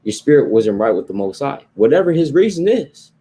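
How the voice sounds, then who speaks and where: This man speaks fairly quickly in a medium-pitched, mellow voice with a breathy edge, sounding very animated. His Bible teaching feels like a casual sermon, repetitive and dotted with "you know" and "right?"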